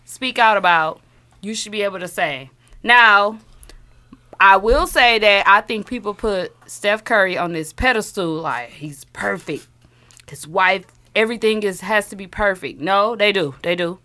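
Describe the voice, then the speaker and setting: A woman in a casual group conversation, telling stories with animated, laughing delivery. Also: medium pitch, a little slow.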